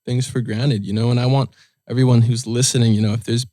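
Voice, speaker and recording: A young man telling a personal story in an interview, soft-spoken and heartfelt, with many fillers. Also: medium pitch, flat delivery, fast talker, dry recording, clean studio sound. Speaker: guest musician.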